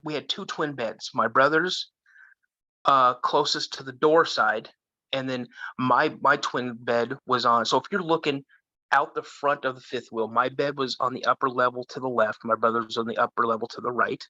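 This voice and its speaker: A man from Minnesota, a guest telling a story in a casual, animated way. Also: medium pitch, moderate pace, no echo. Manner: animated, acts out the voices of others. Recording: dull lo-fi sound.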